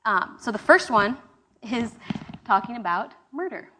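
A young woman leads a relaxed Bible study, talking the way she would to friends. Her voice sits a little high, and she breaks up her thoughts with fillers and restarts. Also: a little slow, a little hiss or hum. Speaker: small-group Bible study leader. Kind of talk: casual sermon teaching.

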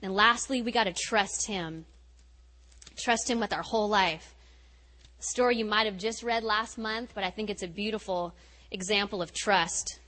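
A woman giving a sermon as a retreat's guest speaker, telling stories with laughter and swinging between loud emphasis and soft, quiet lines. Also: medium pitch, moderate pace, long reverb tail, poor audio. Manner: animated, laughing storytelling.

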